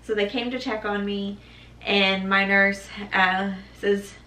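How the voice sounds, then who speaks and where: A young woman telling her own birth story in a casual, animated way, acting out what others said. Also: medium pitch, slow pace. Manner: animated, acts out quoted voices, laughs. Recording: echoey room, mic at a distance.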